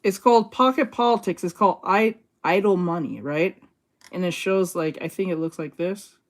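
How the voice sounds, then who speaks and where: Excitable, swearing woman streamer. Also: fairly low pitch. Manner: profane, excitable, quick to laugh. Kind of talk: casual reaction stream.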